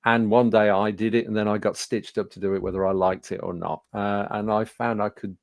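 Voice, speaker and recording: An older man from England in his sixties tells stories to a webinar audience. His voice sits low with a gravelly edge. He talks in a chatty way with plenty of fillers, and the recording is dry and close. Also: brisk, dry recording. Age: 60s. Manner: conversational, animated anecdotes with fillers. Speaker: webinar presenter. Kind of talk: storytelling presentation.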